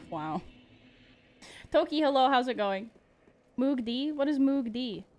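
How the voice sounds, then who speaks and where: A woman's voice: sits high, animated, takes it slowly, a little mellow, dull audio, soft background music. A young woman streaming a video game, playfully exclaiming at the action and chatting with her viewers. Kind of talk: live gameplay commentary.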